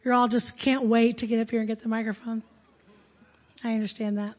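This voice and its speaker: Woman, high voice, church staff speaker, jovial, frequent laughter, dull lo-fi recording. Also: little pitch movement, brisk, darkish tone. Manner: jovial, laughs often between phrases. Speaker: church staff member leading the meeting. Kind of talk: addressing a church congregation.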